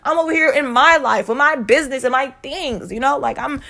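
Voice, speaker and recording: A woman's voice: high-pitched, brisk, creaky, sharp tone. A young woman vlogger telling a personal story to her viewers in a blunt, emphatic way, swearing freely and repeating herself. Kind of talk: casual storytime vent.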